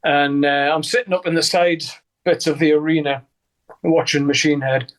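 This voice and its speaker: An older man with a broad Geordie accent, speaking a touch higher than most men. He tells stories in a relaxed interview, swearing freely and laughing as he goes. He slips into the voices of the people he is talking about. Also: moderate pace. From Newcastle, England. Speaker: guest musician. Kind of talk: casual interview storytelling.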